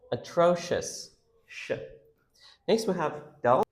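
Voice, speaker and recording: A man's voice: medium pitch, animated, a little slow, roomy sound. A man teaching vocabulary, sounding out words syllable by syllable and stressing them. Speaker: English teacher. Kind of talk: vocabulary lesson.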